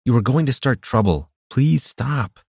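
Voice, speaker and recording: A man's voice: medium pitch, expressive, a little slow, creaky, a little mellow, breathy edge, dry recording, studio quality, voice pushed up, exaggerated voice. A man voicing an earnest young male sorcerer with a pleading tone. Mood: anxious.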